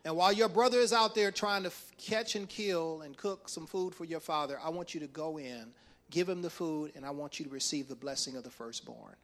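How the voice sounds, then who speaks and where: A man's voice: on the high side, a little fast, fairly bright tone. A male pastor preaching a sermon, retelling a story with acted-out voices and frequent chuckles.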